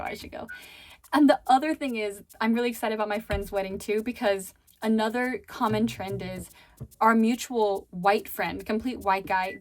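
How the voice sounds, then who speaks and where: Woman, casual storytelling vlog, chatty, filler-heavy, faint background music. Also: mid-range voice. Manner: chatty, filler-heavy, laughing now and then. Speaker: vlogger and former chat host.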